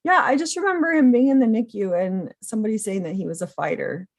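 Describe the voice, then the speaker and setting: A woman in her thirties telling a personal story earnestly, often pausing with ums. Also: medium pitch, expressive, creaky. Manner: earnest and emotional, with frequent ums. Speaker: podcast guest, foster and adoptive mother.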